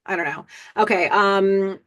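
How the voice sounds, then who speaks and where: A woman hosting a podcast, casually recapping a TV episode scene by scene with lots of fillers and excited asides. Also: medium pitch, a little slow, no echo. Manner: chatty, lots of fillers and "I don't know", excited outbursts.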